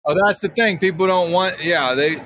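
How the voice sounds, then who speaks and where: A man on a podcast as a guest, telling a story in a lively way, acting out both sides of an exchange and laughing often. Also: high voice, normal speed, a little hiss or hum. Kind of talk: casual podcast conversation.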